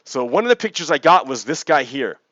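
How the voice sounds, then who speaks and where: Animated man vlogging on a lo-fi mic. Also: medium pitch, fairly quick, no echo. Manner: animated, keeps checking in with "right?". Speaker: vlog host. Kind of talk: casual commentary vlog.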